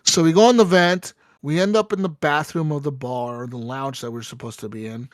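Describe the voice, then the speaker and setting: A man hosting a podcast, casually retelling a video game story in an animated, profane way and acting out the dialogue. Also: medium pitch, moderate pace, no echo. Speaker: podcast host.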